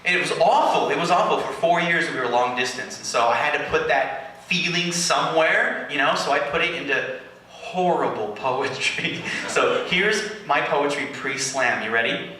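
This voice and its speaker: A man's voice: fairly high pitch, measured pace. Joking man performing live to a crowd. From California. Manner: animated, joking, playful teasing. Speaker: slam poet performer. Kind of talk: live Q&A with audience. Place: live venue with audience. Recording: echoey venue from far off, noisy.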